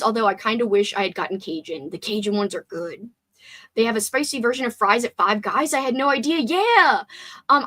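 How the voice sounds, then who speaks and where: Reading her viewers' comments out loud, a livestream host grumbles and swears playfully in a casual chat. She has a mid-range voice with a sharp tone.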